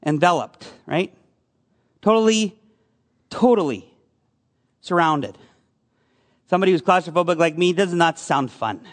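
A man's voice: a little high, lively intonation, a little slow, pauses often. A male pastor giving a conversational sermon, asking his congregation questions as he goes. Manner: conversational preaching with audience questions.

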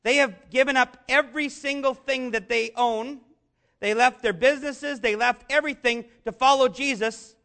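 Man, pastor, very high voice, bright tone, earnest sermon, loud peaks. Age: adult, father of young children. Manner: earnest, rising to shouts on key lines.

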